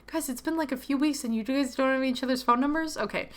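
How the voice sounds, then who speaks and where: A woman's voice: high-pitched, quick pace. A young woman talking casually as she plays through a visual novel, chatty and rambling with lots of filler words. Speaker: video game streamer. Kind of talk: casual playthrough commentary.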